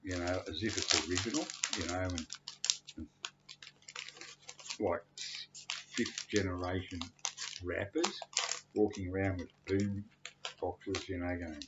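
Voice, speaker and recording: A man's voice: deep voice, fairly even intonation, measured pace, pauses often, dull audio, very noisy. A tipsy man, rambling crudely and cursing in a casual monologue.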